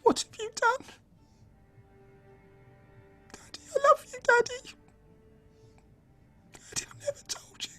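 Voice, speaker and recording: A man voicing a distraught teenage boy who breaks down sobbing over his father, his voice cracking high. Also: lively intonation, normal speed, gravelly, long pauses, soft background music.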